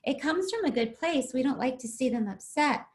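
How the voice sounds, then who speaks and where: A woman with a high voice walks her listeners through a parenting method step by step. She keeps checking in with "okay?" and "right?", and briefly takes on the voices of parent and child. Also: expressive. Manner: acts out parent and child with quick shifts in voice. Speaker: parenting coach. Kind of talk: explanatory talk on parenting.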